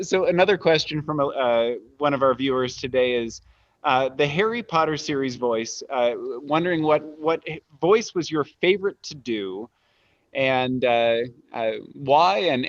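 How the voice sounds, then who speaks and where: A man hosting an interview, putting viewers' questions in a halting way with many restarts. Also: medium pitch, lively intonation, no room sound, muffled recording. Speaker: host.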